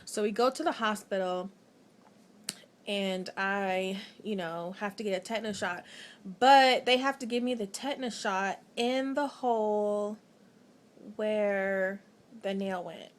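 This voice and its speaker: A woman's voice: medium pitch, a little slow. Chatty woman telling a story. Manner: chatty, animated, frequent "like" fillers. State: tired late at night. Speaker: vlogger. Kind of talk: casual personal storytelling.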